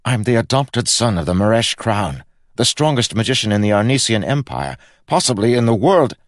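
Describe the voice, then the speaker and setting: A man's voice: deep voice, very animated, normal speed, no room sound, clean studio sound, voice pushed up. Man voicing a stern proud young magician. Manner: blunt, exasperated, insistent.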